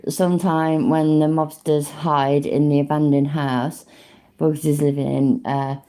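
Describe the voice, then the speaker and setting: A woman's voice: low-pitched, flat delivery, unhurried, warm tone. A British woman hosting a reaction video, commenting casually in a sweary, sarcastic way and laughing often.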